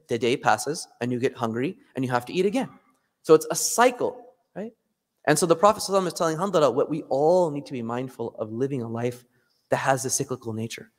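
A man giving a Friday sermon, retelling stories in an animated way and acting out the quotes. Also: medium pitch. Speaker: preacher. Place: mosque hall. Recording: long hall reverb.

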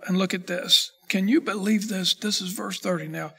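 Man preaching, gravelly bright voice, slow scripture reading then builds up hard. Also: sits high. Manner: reads scripture slowly, then preaches with rising intensity. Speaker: pastor. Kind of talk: sermon.

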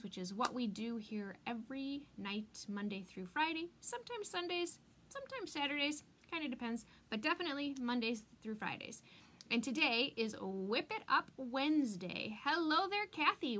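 A woman's voice: fairly high pitch, fairly bright tone. A woman hosting a live craft demonstration stream, chatty and bubbly, greeting viewers by name and stretching out words for emphasis. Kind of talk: live craft demo chat.

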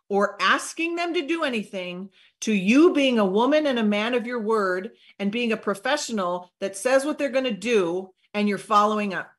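A woman giving an energetic live training on sales follow-up, acting out short sample conversations in an upbeat voice. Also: on the high side. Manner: energetic, upbeat coaching with acted-out sample dialogue. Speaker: network marketing trainer.

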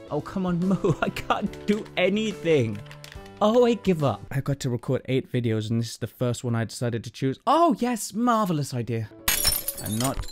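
An exasperated man commentates a game, sliding between high yelps and low grumbles. He mocks himself as things go wrong. Faint game music plays underneath. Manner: exasperated, yelping, self-mocking. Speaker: gaming YouTuber.

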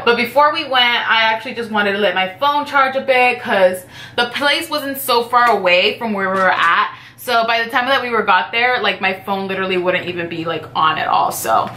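Bright-voiced woman, swearing casual storyteller. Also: on the high side, normal speed, echoey room. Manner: profane, rambling, heavy use of "like". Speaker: vlogger telling a personal story.

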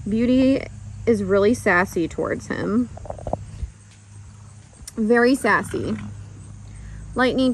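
A woman's voice: mid-range voice, slight background noise. A woman chatting casually as she vlogs from a horse paddock outdoors, cooing affectionately at her horses between remarks. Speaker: horse farm owner and vlogger. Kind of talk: casual vlog narration.

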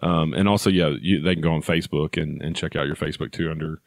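Very deep-voiced podcast host. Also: male voice, steady tone, fast, vocal fry, dry recording, studio quality. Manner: friendly, plugs guest's channels. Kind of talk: casual interview.

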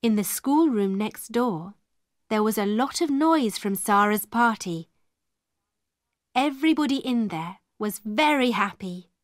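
A woman reads a storybook aloud for English learners, slow and deliberate, with a fairly high voice that rises and falls a lot. The recording is close and dry. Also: expressive, dry recording. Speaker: storybook reader. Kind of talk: scripted narration for English learners.

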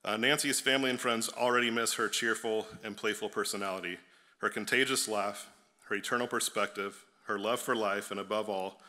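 A man with a low voice and a bright, forward tone reads a prepared tribute at a memorial service. He speaks steadily, now and then slipping in a small filler. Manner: steady reading with occasional fillers. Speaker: family friend giving a tribute.

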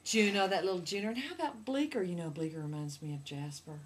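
A young woman chatting casually about a movie, playful and teasing, dropping into hushed asides. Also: lowish voice, fast. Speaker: movie reviewer. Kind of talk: casual comedic chat.

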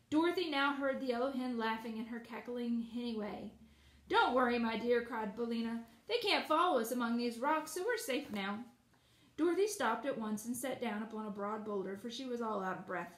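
A woman reading a children's storybook aloud, expressive, with casual asides. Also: on the high side, roomy sound, poor audio. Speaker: audiobook reader.

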